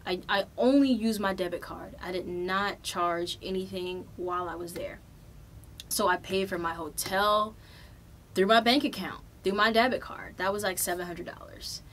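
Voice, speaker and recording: A young adult woman hosting a podcast, telling a travel story in a loose, animated way with plenty of swearing. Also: mid-range voice, normal speed, slight background noise. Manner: profane, animated, loose and chatty. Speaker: podcast host. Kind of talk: casual storytelling.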